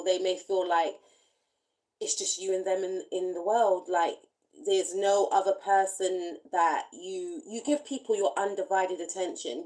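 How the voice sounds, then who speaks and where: A woman giving a spiritual tarot card reading, speaking in gentle, reflective, loosely repeating phrases. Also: fairly low pitch, poor audio. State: briefly emotional. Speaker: tarot reader.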